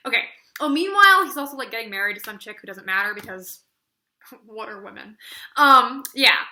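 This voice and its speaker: A woman's voice: fairly high pitch, animated, moderate pace, pushed and bright. A woman reviewing books in a casual video, sarcastic and rambling, filling her talk with "like". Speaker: book reviewer. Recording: echoey room.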